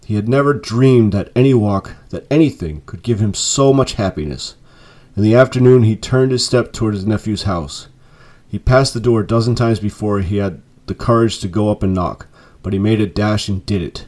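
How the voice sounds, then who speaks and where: A man reading a classic story aloud with measured, expressive storytelling. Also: fairly low pitch. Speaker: narrator.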